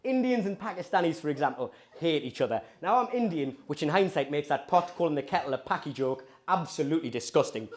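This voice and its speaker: A male stand-up comedian with a Geordie accent works the audience in a chatty, provocative manner. His voice sits fairly high and moves animatedly up and down. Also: fast talker, hardly any pauses. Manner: lively, provocative, conversational.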